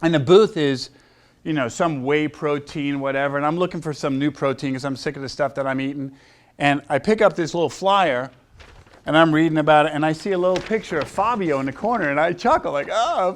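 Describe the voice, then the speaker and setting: A man in his sixties talks to a live audience in a slightly high voice, spinning anecdotes from his life as a chiropractor. He acts out the voices in his stories and keeps quizzing the crowd. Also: fairly quick. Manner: storytelling, acting out quoted voices, quizzing the crowd.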